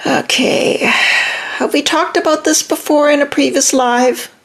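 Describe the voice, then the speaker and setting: A middle-aged woman runs a live relationship-advice stream, reading viewers' comments aloud and responding emphatically and reassuringly. Her voice sits high and sounds gravelly, with a steady tone and a measured pace.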